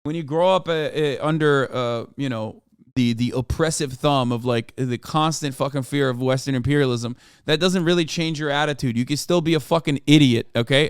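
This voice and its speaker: A man streaming live, reacting to news articles with profane, animated rants full of fillers. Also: fairly high pitch, clean tone, dry recording, clean studio sound.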